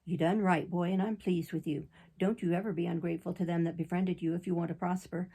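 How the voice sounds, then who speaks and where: A woman reading an audiobook, voicing a plain-spoken middle-aged father and former circus rider, with a gravelly, husky voice. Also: on the low side, steady tone, quick pace, mellow. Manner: plain folksy country speech.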